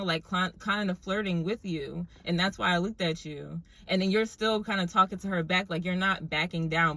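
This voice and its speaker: A young woman casually telling a story to her viewers in an animated, chatty way, full of fillers. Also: lowish voice, dry recording.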